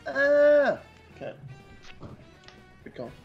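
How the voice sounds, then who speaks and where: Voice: high-pitched, big pitch swings, extremely slow, creaky, faint music behind. A player in a casual group gaming stream, making short, dry remarks. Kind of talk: casual live gaming chat. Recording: muffled lo-fi mic.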